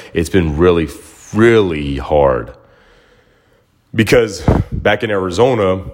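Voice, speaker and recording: A young man hosting a solo podcast, talking through his own story in a reflective, heartfelt way, often repeating himself as he gathers his thoughts. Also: low-pitched. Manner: reflective, emotional, repeats words. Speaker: podcast host. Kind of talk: casual solo monologue.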